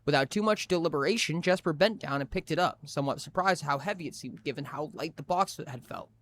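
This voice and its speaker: A male streamer reading a story aloud on a live stream, his voice sitting a little higher than most men's. He reads expressively, stumbling and restarting words as he goes. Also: fast, a bit bright, slight background noise.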